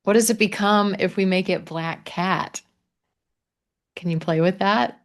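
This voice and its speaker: Slow-spoken Missouri-accented teacher. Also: male voice, high-pitched. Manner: slow, drawn-out model phrases. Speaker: pronunciation teacher. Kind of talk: live online English lesson. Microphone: video call.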